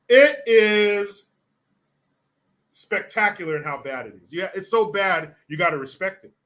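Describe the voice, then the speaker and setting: Riffing on viewer comments, a male show host delivers loose commentary full of profanity, rambling and restarting with blunt, unpolished speech. His slightly high voice is bright and forceful, with lively intonation, a slow pace and long pauses.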